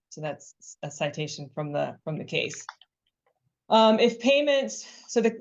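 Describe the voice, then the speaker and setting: A woman on a webinar panel presenting case law, explaining what the court found and reading out its findings. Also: fairly low pitch. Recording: dull lo-fi webinar audio.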